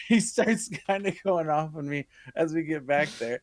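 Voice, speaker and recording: A man's voice: fairly high pitch, a little slow, few pauses. A young man telling a casual, profane story on a podcast, laughing through his punchlines. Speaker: podcast co-host.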